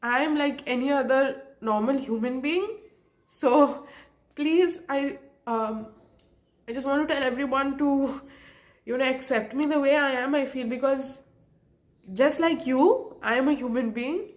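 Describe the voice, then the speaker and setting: A woman's voice: high voice, measured pace. A young woman vlogging about her feelings, emotional and close to tears, apologizing often with nervous laughs. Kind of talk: emotional personal vlog.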